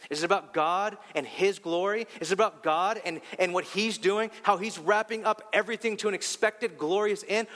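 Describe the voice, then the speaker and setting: Young adult male pastor, slightly high voice, preaching with rhetorical questions, heard in a reverberant hall. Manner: animated storytelling, rhetorical questions, pitch rising when heated. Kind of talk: sermon.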